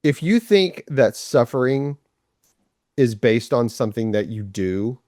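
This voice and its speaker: A man with a Southern US accent talks through scripture in an earnest, explanatory way as co-host of a casual Bible discussion. His voice sits at a middle pitch for a man, and the recording is close and dry. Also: animated, measured pace, mellow, no echo. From Southern United States. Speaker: podcast co-host.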